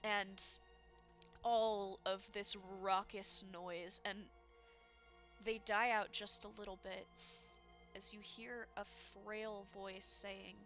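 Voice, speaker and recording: A woman narrating a tabletop game as game master, in a measured, atmospheric way. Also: mid-range voice, fairly even intonation, fairly bright tone, lo-fi sound, faint music behind.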